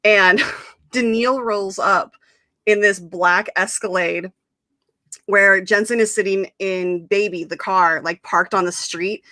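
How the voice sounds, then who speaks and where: A young woman hosts a live-streamed chat and tells a long story in a bright, crisp voice. Her delivery is animated, full of fillers, and broken up by laughter. The sound is dry and close. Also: mid-range voice, takes it slowly, no room sound. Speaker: host. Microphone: live stream mic.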